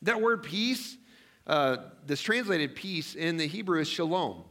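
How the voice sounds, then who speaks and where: A man's voice: on the high side, expressive, measured pace, pushed and bright. A man preaching a sermon as pastor, conversational and self-deprecating, often asking the congregation questions. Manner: self-deprecating, jokes about himself.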